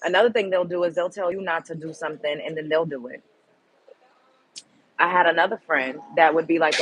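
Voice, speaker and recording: A woman's voice: low voice, fairly even intonation, brisk, husky, poor audio. A woman hosting her own show, telling a personal story in a candid, emphatic and blunt way. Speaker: show host. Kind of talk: casual storytelling monologue.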